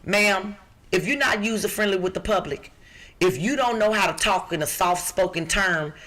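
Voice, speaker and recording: A woman from Chicago reading out job listings on a podcast in a rough, low voice, emphatic and bossy. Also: moderate pace, a bit bright. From Chicago, USA. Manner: emphatic, bossy, talks back to co-hosts. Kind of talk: lively podcast talk.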